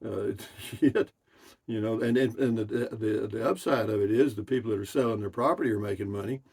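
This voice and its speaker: A man's voice: fairly low pitch, a little fast, a little mellow, slightly rough. An older man, casually reading out and answering viewer comments in a folksy, rambling way. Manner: rambling and folksy, drawling with slangy asides.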